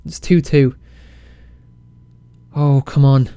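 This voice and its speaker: A man casually commentating his football management game, excitable and self-mocking. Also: mid-range voice, slow pace, clear, resonant tone, dry recording. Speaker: game let's-play creator.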